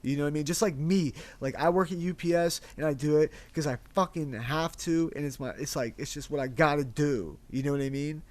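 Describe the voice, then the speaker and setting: A man's voice: on the high side, fairly quick, hardly any pauses, darkish tone. A man co-hosting a casual chat with his wife, talking in a rambling, emotional way and swearing freely. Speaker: podcast co-host, husband.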